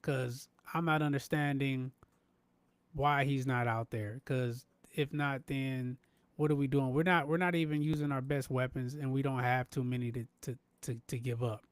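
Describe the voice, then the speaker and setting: A man hosting a live sports podcast, animated and emphatic, repeating himself and talking straight to his chat. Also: medium pitch, normal speed, clear, resonant tone, no echo. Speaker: podcast host. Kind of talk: live-stream sports talk.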